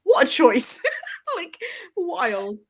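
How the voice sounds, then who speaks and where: A woman's voice: high voice, sing-song, extremely slow. A woman hosting a livestream, chatting casually about books and films and laughing often. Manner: chatty, laughs often, reads out viewer comments. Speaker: livestream host. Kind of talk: casual chat.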